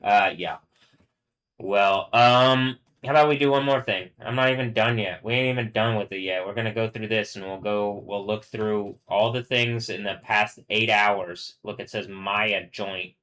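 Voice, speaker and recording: Man, rambling live-stream monologue, swearing, halting restarts, low-set voice, tense bright tone. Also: steady tone. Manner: reads news aloud, stumbling over words.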